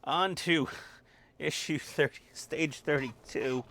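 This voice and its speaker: In an unhurried, medium-pitched voice with a fairly bright tone and a little hiss or hum, a model-building channel host walks through his build at a home workbench. A dog is nearby as he mixes wry remarks with muttered instructions.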